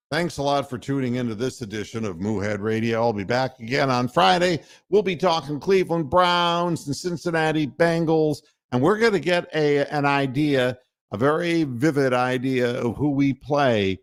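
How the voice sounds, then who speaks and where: A man hosting a sports radio show, delivering a heated, profane and sardonic rant. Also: medium pitch. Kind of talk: ranting sports talk monologue.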